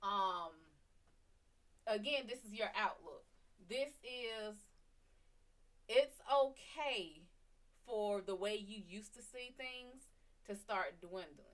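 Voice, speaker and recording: A woman's voice: mid-range voice, animated, takes it slowly, long pauses, fairly bright tone. Woman, tarot host on a live stream, casual and profane, chats straight to viewers, desk mic with her voice drifting off it. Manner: loose and chatty, swears freely, talks to viewers by name. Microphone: desk mic, often turned away from it.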